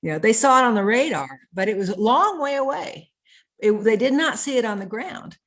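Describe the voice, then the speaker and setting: A woman's voice: on the high side, lively intonation, fairly quick, a bit bright. A woman guest in an interview, telling a story earnestly and stringing her thoughts together with repeated "and". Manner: earnest, piles up clauses with repeated "and".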